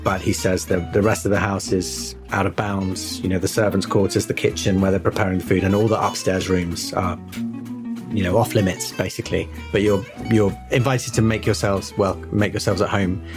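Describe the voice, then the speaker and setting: A man's voice: sits low, level tone, moderate pace, music in the background. A man narrating a tabletop horror game as game master, in a loose, rambling way.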